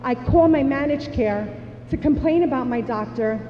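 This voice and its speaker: A woman's voice: high-pitched, normal speed, a little hiss or hum. Woman telling her story in an echoey hall. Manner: animated storyteller who acts out dialogue. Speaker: speaker sharing a personal story. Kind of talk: personal testimony speech to an audience. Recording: echoey hall, dull sound.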